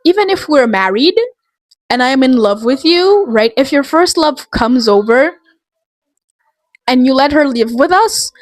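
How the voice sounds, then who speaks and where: A woman's voice: high-pitched, animated, unhurried, long pauses, no echo. A woman vlogger ranting in a casual, rambling, exasperated way, full of fillers. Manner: rambling, exasperated, heavy use of "like".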